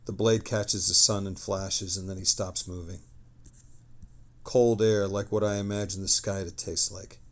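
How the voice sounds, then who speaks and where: A man streaming live, reading lore passages aloud with excitable, chatty asides. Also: deep voice, unhurried. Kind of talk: casual lore reading on a livestream.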